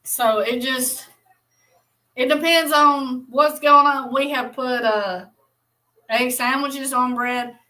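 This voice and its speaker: A woman's voice: high voice, fairly even intonation, slow, bright, forceful tone, low-quality recording. A woman with a Southern Alabama accent, co-hosting a live stream in casual chat and reading out viewer comments. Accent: Southern American, Alabama. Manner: folksy drawl, reads out chat comments.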